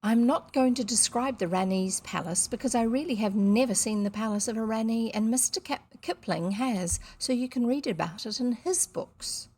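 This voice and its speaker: A woman's voice: on the high side, moderate pace, hardly any pauses, mellow. A woman from New reading a children's novel aloud on camera, with chatty, self-deprecating asides. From New Zealand. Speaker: audiobook reader on video. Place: seated indoors reading at camera.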